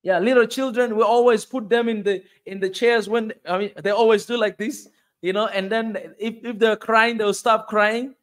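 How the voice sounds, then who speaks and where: A man's voice: sits high, steady tone, moderate pace, fairly bright tone. A man with a Tanzanian accent vlogging from a car on a bumpy road, talking emphatically and repeating himself, sweating as he rises to anger. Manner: emphatic, repetitive, rising to anger. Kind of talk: passionate commentary vlog.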